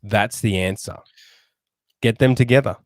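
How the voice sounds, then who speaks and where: Crude, low-voiced middle-aged man. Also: measured pace, no room sound. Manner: crude, profane, laughs often. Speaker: podcast co-host. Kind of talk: casual podcast chat.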